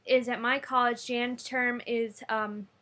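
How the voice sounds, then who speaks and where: A young American woman talks casually to her camera, bubbly and chatty. Her voice sits a little high and rings bright and sharp, and her volume rises and falls as she talks. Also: level tone, measured pace. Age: young adult. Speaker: vlogger. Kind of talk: casual vlog chat.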